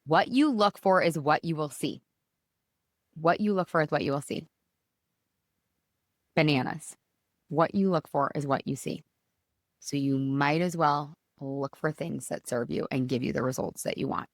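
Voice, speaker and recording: A woman hosts a casual motivational podcast, speaking at a measured pace with long pauses. She's bubbly and chatty, with swinging pitch and plenty of energy, often calling her listeners "you guys." The studio recording is clean, with no room sound.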